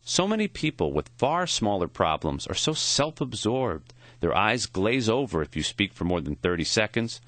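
A man narrating an audiobook in a measured, expressive reading, recorded on a close studio mic. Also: on the low side, no room sound. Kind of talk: scripted narration.

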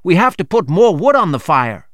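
An eager, practical seaman speaks up earnestly in a raised, higher voice, as a male narrator reads him. The storybook reading sounds dry and close. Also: very animated, normal speed, fairly bright tone, no echo, full character voice.

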